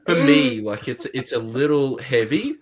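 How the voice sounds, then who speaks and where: A man, a band member guest who talks haltingly. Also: medium pitch, expressive. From Australia. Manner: halting, restarts often. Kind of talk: casual chat.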